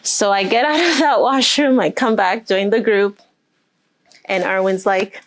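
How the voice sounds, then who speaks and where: A woman speaking as a motivational speaker, telling a personal story with emotion and then guiding a group through deep breaths and affirmations. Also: measured pace. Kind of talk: motivational talk to a live group.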